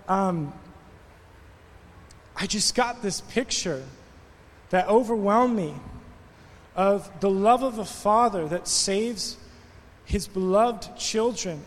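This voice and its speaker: A man with a high voice preaching a sermon in a church. He tells a story in a relaxed way, then builds to passionate, rising preaching. A long hall reverb hangs on his words. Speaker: pastor.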